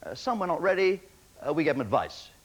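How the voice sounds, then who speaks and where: Man, talent show host, quick gags, bouncy pitch, a little high. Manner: lively, chuckling asides. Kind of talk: TV host patter with jokes.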